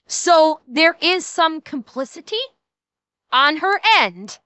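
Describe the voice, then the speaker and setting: A woman's voice: high-pitched, expressive, takes it slowly, pushed and bright, dry recording. A woman streamer giving casual, sarcastic commentary and speaking directly to her chat. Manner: chatty, sarcastic, talks straight to chat. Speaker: streamer reacting to a video.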